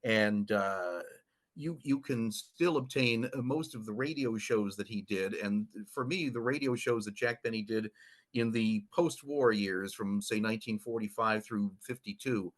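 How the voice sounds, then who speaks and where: A man, a film historian guest on a podcast, telling anecdotes in an animated way with many fillers. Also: on the low side, measured pace. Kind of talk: podcast storytelling.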